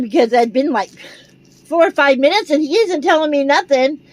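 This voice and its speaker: An older American woman, a vlogger, telling a rambling, animated story in a casual way. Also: high-pitched, moderate pace, dry recording, low-quality recording. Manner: rambling, animated, retells dialogue.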